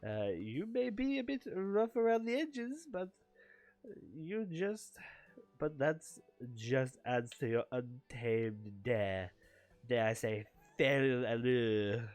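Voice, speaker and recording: A man voicing a flamboyant, fawning male noble patron in a video game, with a lofty, drawn-out manner. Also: medium pitch, lively intonation, a little mellow, dry recording, faint music behind. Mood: flattering.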